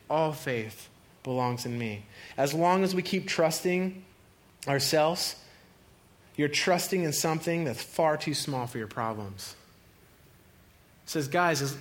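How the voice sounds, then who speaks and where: Man, young pastor, casual sermon, laughing storyteller, slightly high voice.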